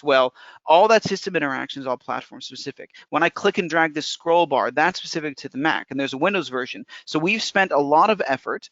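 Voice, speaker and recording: A man, a software developer, walking through a live software demo in a casual, technical way, often thinking aloud. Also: fairly high pitch, lively intonation, a little fast, no room sound. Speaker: software developer presenting a webinar. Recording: dull lo-fi webinar audio.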